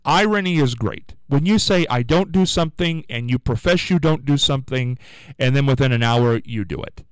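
A man hosting a morning call-in radio show, telling rambling stories in a chatty, animated way. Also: medium pitch, moderate pace, smooth, no echo, low-quality recording. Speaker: radio talk show host. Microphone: studio microphone.

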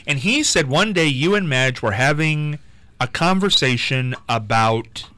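A man's voice: fairly high pitch, unhurried, no room sound. A man hosting a radio show, chatting casually and laughing often as he asks questions. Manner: lively, laughing interviewer. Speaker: radio host.

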